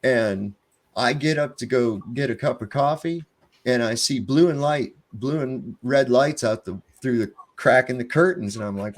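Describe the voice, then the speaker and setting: Middle-aged guy, kinda high voice, swearing a lot, telling a story and doing all the back and forth himself. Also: expressive, a little slow. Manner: profane, defiant, acts out both sides of the exchanges. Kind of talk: casual storytelling.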